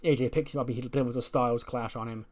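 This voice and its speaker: Casual male game commentator, chatty, mid pitch. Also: steady tone, quick pace, darkish tone. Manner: chatty, loose, laughs at own jokes. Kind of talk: casual playthrough commentary of a wrestling management game.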